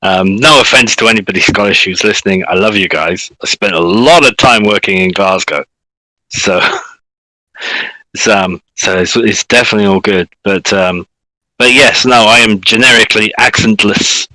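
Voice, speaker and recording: A man's voice: fairly low pitch, normal speed, bright, forceful tone, no room sound, low-quality recording. A man from southern England with a slightly posh southern English accent, chatting casually as an interview guest and laughing often. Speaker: TikTok creator guest.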